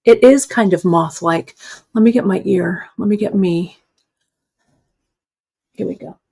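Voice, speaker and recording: Woman, live craft instructor, unhurried pace, encouraging, chatty, talks through each step. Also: medium pitch, gravelly, dark tone, slightly rough. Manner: chatty, encouraging, thinks aloud while working. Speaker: jewelry-making instructor hosting a live stream.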